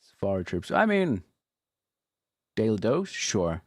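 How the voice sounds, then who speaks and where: A man's voice: fairly low pitch, very animated, takes it slowly, no echo. A man streaming as he reacts to videos, casual, swearing freely and laughing often.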